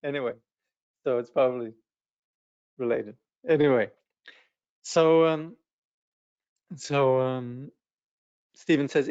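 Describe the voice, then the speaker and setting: A male Buddhist studies teacher reading a text aloud and commenting on it in a relaxed, hesitant way. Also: mid-range voice, slow pace, long pauses, smooth, no room sound, lo-fi sound. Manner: relaxed, hesitant, with restarts and small laughs.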